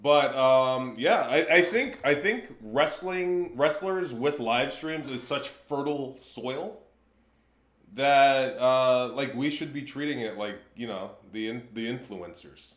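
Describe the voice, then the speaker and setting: A man co-hosting a casual livestream, rambling through deadpan jokes. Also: mid-range voice, takes it slowly, reverberant.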